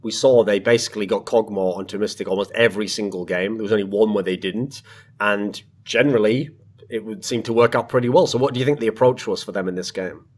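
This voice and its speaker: A man's voice: fairly low pitch, fast. A man hosting an esports talk show, chatting casually with emphatic, rambling asides. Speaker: podcast host. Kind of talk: casual esports panel discussion.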